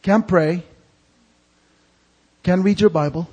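High, husky-voiced male preacher. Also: slow, dull audio. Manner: fill-in-the-blank questions to the congregation, swinging from hushed to shouted. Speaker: pastor. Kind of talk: evangelical sermon. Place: church sanctuary.

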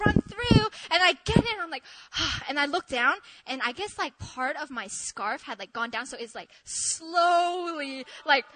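Young woman, high voice, very expressive pitch, animated storytelling, excitable. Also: noisy background. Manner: excitable, shrieks in re-enacted moments, laughs often. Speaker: speaker sharing a testimony.

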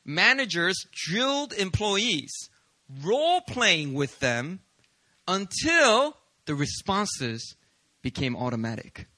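Male pastor, sermon delivery, animated and self-deprecating, very bright tone. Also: high voice, takes it slowly, no echo. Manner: animated, confessional storytelling with humor.

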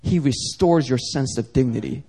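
A young man preaching a sermon as pastor, talking casually, climbing to emphatic peaks and dropping soft and low. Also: normal speed, breathy edge.

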